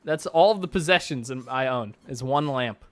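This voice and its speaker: A man's voice: mid-range voice, normal speed. A man streaming from his bedroom, reacting to posts with sarcastic, mocking commentary and frequent laughter.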